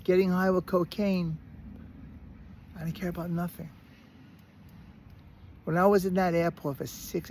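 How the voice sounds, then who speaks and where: Gravelly Brooklyn man telling a story. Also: high-pitched, moderate pace, long pauses. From Brooklyn, New York. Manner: animated, restarts and repeats words. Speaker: recovery speaker. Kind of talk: casual storytelling monologue.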